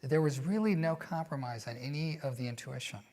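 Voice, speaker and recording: A man being interviewed, telling stories in a reflective, animated way with many fillers. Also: medium pitch, fairly quick. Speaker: guest. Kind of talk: conversational interview storytelling.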